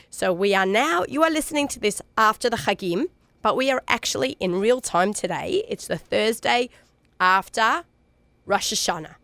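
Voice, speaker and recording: A middle-aged woman with an Australian accent hosting a radio food show. She sounds nasal and raspy from a cold, and talks in a chatty, upbeat way with fillers. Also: mid-range voice, fairly bright tone, no room sound. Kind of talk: casual radio food talk. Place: radio studio. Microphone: studio microphone.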